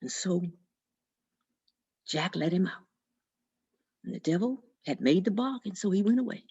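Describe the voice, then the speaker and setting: A woman telling a folk tale in an expressive, dramatic storytelling manner. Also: medium pitch, moderate pace, slightly rough. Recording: dull lo-fi recording.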